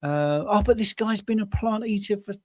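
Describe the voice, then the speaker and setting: A man's voice: sits high, moderate pace, no room sound. A man co-hosting a casual chat, jokey and self-deprecating, telling stories. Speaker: co-host.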